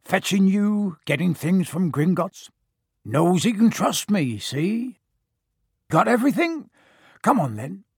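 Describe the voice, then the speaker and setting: A big-hearted giant booms out his lines in a husky, raised voice, as a male narrator puts him on. He is loyal and a bit boastful. The audiobook sound is dry and close. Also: big pitch swings, slow pace, no room sound, heavily acted. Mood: hearty. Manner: hearty, booming, folksy dialect. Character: huge gruff kindly giant man, boastful and loyal. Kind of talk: audiobook character voice.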